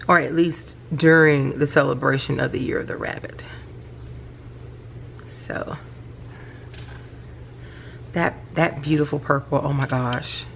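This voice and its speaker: Low, gravelly woman gushing. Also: slow pace, pauses often, slight background noise. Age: middle-aged. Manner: chatty, gushes with excitement. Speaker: planner vlogger. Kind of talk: casual show-and-tell vlog. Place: home at night, indoors.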